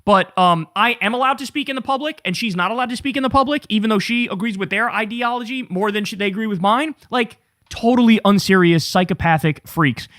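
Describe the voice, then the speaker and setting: A high-voiced man rants through political commentary, sarcastic, incredulous and profane. The sound is dry and close, with no room around it. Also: a little fast, fairly bright tone, dry recording.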